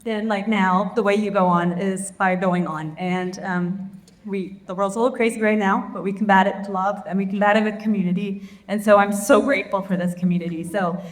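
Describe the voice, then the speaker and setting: Woman onstage at a festival, lots of ums, voice booming round a big theater. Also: steady tone. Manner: halting, many ums, gets emotional. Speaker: festival organizer. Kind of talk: live stage speech. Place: large theater hall. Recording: echoey theater hall.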